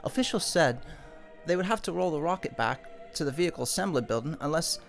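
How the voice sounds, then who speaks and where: A man's voice: on the high side, animated, a little fast, gravelly, faint music behind. A man live-streaming, reading news articles aloud and breaking off into irritated, swearing asides. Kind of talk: ranting news commentary.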